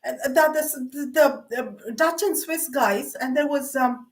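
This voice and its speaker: High-voiced middle-aged woman, rambling anecdotes. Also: slow. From Canada. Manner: meandering, self-mocking, with frequent fillers and laughs. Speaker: vlogger. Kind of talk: rambling personal monologue.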